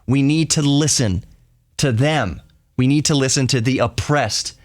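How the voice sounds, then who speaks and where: A man's voice: medium pitch, measured pace. A man hosting a podcast, talking in an earnest and heated solo monologue, often repeating and restarting his phrases. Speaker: podcast host.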